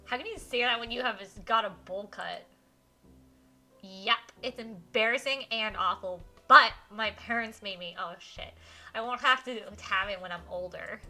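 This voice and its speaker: Brief: woman game streamer, bright tone, fairly high voice, giggly read-aloud, faint music behind. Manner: giggly, animated, reads text aloud and reacts. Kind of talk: live-streamed visual novel playthrough, reading aloud.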